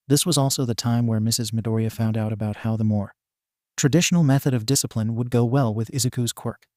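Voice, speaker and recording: A man's voice: mid-range voice, a little mellow, no echo, clean studio sound. A man narrating a fan story in a wry, playful scripted reading.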